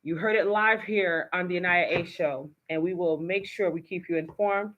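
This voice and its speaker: A woman's voice: lowish voice, steady tone, normal speed. A woman hosting a live online talk show, effusive and enthusiastic as she thanks her guest. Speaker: host. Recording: dull lo-fi live stream audio.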